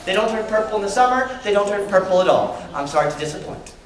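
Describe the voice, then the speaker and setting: A man's voice: high voice, fast. Give me a man leading an animal show for kids, recorded from afar in a roomy hall. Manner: lively call-and-response with a crowd of kids. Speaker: animal educator. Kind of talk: live animal show for children. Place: large library room with a child audience. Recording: echoey hall, distant mic, crowd noise.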